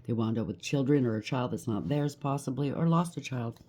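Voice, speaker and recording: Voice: medium pitch, a little fast, mellow. A tarot reader giving a collective reading, blunt and emphatic, rattling off lists of traits and often checking in with "okay?".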